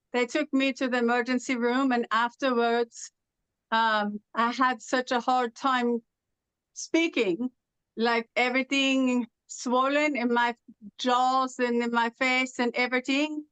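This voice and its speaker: A woman's voice: a little high, steady tone, measured pace, a bit bright, clear, resonant tone, dry recording, rough recording. A middle-aged woman from Los Angeles with Irish-sounding R's, telling stories in casual conversation with many "uh" fillers. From Los Angeles, United States. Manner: storytelling with frequent uh fillers. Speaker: interview guest.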